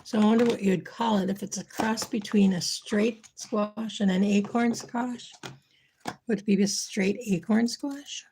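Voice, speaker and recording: A woman's voice: medium pitch, fairly even intonation, a little slow, darkish tone, a little hiss or hum. A woman hosting a casual livestream, chatting and thinking aloud as she works, her voice getting tired. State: losing her voice. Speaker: livestream host. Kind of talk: casual kitchen livestream chat.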